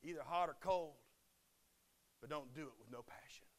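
A man preaching a sermon, swinging between loud impassioned declarations and hushed, quiet drops. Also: on the high side, moderate pace.

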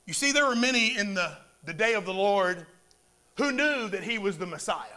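High, bright-voiced preacher man. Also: lively intonation, normal speed. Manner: preaching with call-and-response amens. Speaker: pastor. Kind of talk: sermon. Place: church.

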